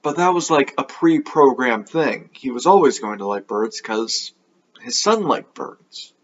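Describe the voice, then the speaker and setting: A man's voice: medium pitch, expressive, a little slow, dull audio. Sarcastic man rambling through a review. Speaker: anime review host. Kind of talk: casual video review commentary.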